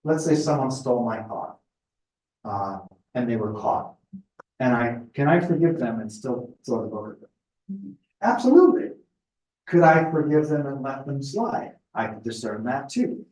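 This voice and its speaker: A middle-aged man speaking at a spiritual retreat in a conversational, thoughtful way, often pausing with fillers. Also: mid-range voice, lively intonation, a little mellow. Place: retreat house meeting room. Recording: echoey room, voice picked up from a distance.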